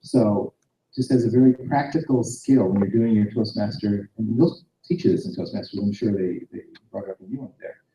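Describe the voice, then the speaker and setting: A man's voice: lowish voice, fairly even intonation, a little fast, mellow, slight background noise. A man giving practical presentation advice to a class. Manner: practical, explanatory. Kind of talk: classroom lecture. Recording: distant mic in echoey room.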